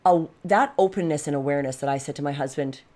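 Fifties woman, low register, candid reflective vlog coach, direct and emphatic. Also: fast, darkish tone. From Canada. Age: 50s. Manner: frank, emphatic, reflective, addresses viewers directly. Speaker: life coach and vlogger. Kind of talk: candid personal monologue to camera.

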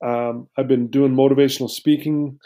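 A man's voice: mid-range voice, little pitch movement, normal speed, dark tone. A middle-aged man telling his life story to an interviewer, earnest and emotional, with many restarts. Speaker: guest.

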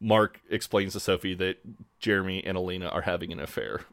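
A man co-hosting a podcast, recapping a show in relaxed casual chat with lots of fillers. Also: low voice, brisk, smooth. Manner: relaxed, many fillers, acts out quotes. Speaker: podcast co-host.

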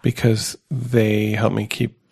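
Slow, gravelly-voiced man. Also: fairly low pitch, completely flat delivery, a little mellow. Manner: slow, halting, thoughtful. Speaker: podcast host. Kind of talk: casual recovery podcast chat.

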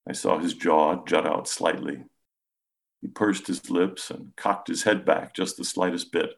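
A man, a psychiatrist, calmly narrating a patient case in the first person with measured storytelling. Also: deep voice, creaky. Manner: calm, measured storytelling, softens when speaking gently.

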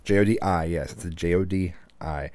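A man's voice: sits low, brisk, a little mellow, no room sound. Tired, rambling man podcast host. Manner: rambling, profane, with frequent restarts and fillers. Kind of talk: casual chat.

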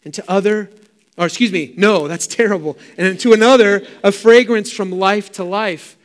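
At a normal speed, a middle-aged pastor drives his sermon with fervent, emphatic repeats. For a man, his voice sits notably high.

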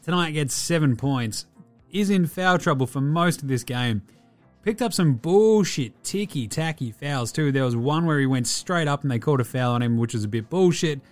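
A man's voice: on the high side, expressive, moderate pace, soft background music. A man hosting a podcast, giving a casual, profane, rambling basketball recap. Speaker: podcast host.

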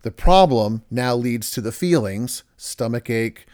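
A man's voice: medium pitch, unhurried, clean tone. A man who works as a counselor, explaining ideas in a conversation and acting out quoted voices as he talks. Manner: animated storytelling, acts out quoted voices.

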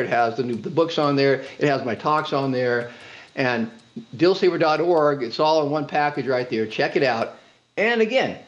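A man speaking as a guest on a faith show, fervent and preacherly, driving his points home by repeating phrases. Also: on the high side. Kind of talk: impassioned religious talk. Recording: dull lo-fi audio.

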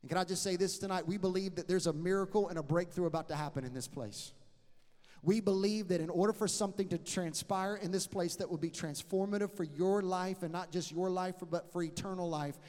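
A middle-aged preacher delivers a sermon in a slightly raised voice. He tells his stories with energy, then drops suddenly into a hush. His words ring out with the long reverb of a large hall. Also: high voice, fairly quick.

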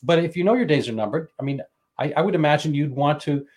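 Halting, slightly high-voiced male host. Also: a little mellow. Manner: halting, many restarts and fillers. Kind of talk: casual conversation.

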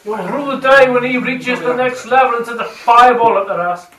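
A man's voice: very high voice, steady tone, brisk. A man playing a tabletop game, grumbling and swearing at the table, recorded far off in an echoey room with chatter. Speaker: player.

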